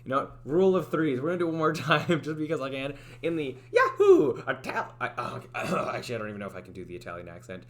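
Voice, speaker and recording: A man's voice: mid-range voice, rapid-fire, hardly any pauses. A man chatting casually on his livestream, rambling about his game project with lots of "like" and frequent restarts.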